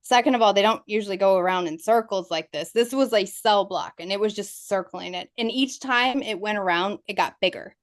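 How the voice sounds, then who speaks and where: In an interview, a woman vividly recounts her ghost investigations, laughing through the tense parts. Her middle-pitched voice is brisk with hardly any pauses, recorded dry with no room sound.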